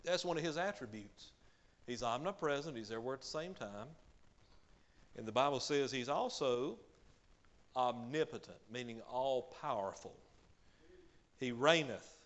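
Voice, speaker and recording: A man preaching a sermon, emphatic, swinging between loud declarations and quiet asides, often adding "hallelujah.". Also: medium pitch, lively intonation, moderate pace, pauses often, lo-fi sound. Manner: peppers speech with hallelujah.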